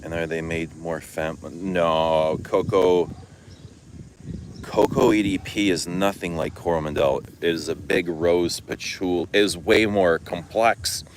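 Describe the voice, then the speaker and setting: Low-voiced middle aged dude from canada, rambling live chat, swears and laughs a lot. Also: male voice, unhurried, slight background noise, poor audio. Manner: swears freely, laughs, animated storytelling. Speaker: fragrance vlogger. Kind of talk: casual livestream chat answering comments.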